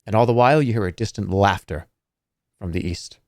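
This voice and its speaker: A male streamer reading a fantasy game's text aloud in a playful, expressive way, with casual comments in between. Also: lowish voice, brisk, no room sound, clean studio sound.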